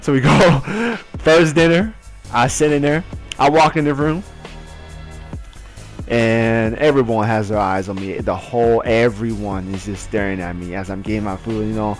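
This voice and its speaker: A young man telling a story casually, laughing a lot and acting out the voices and chants. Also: mid-range voice.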